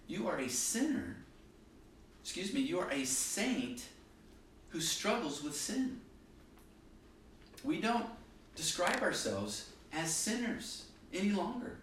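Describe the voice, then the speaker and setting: A man preaching in an echoey church hall, his voice a little high for a man and heard from some distance. He is emphatic, swinging his pitch and loudness to drive points home. Faint ambient noise sits underneath. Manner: emphatic, varies pitch and volume for stress. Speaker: pastor. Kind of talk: sermon.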